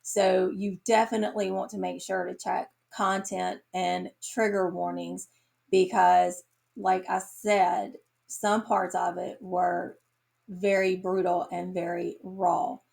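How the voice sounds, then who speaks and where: A woman reviewing books on her vlog, talking in a slow, earnest and emotional way, tearing up at times. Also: fairly low pitch, flat delivery, gravelly, darkish tone. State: tearful. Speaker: book reviewer. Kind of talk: casual book review vlog.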